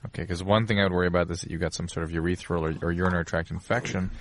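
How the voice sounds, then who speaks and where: A man's voice: low voice, fairly even intonation, very fast, slight background noise. A man co-hosting a call-in radio show as the doctor, giving matter-of-fact medical advice.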